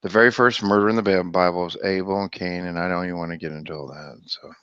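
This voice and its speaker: A low-voiced man hosts a casual livestream about the Bible, talking in an animated, exclamatory way. His voice comes through dull and lo-fi, with a dry, close sound. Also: clear, resonant tone, dry recording. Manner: animated, exclamatory, quick to laugh. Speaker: livestream host.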